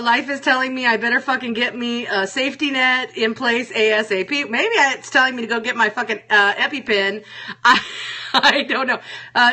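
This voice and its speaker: A woman's voice: high voice, sharp tone. A woman hosting a casual solo talk show, frank and chatty, swearing freely and reading viewer comments aloud. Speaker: show host.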